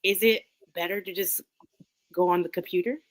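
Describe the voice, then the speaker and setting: A woman's voice: lowish voice, steady tone, moderate pace. Laid-back woman co-host, teasing. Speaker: podcast co-host. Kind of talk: casual livestream chat. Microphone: video call.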